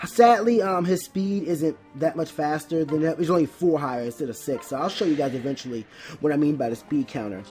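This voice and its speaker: A Let's Play host talking through a game in a casual, explaining way, at a middle pitch. The delivery is full of small stumbles, restarted words and "um"s. Soft game music sits faintly underneath. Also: a little fast. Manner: stumbles and restarts often, many fillers. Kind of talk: casual gameplay commentary.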